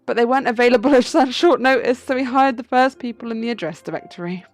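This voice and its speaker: A woman's voice: fairly high pitch, fast, faint music behind, voice pushed up, natural voice. A woman voicing a pampered young noble cat lady, prim and genteel, reading for a video game.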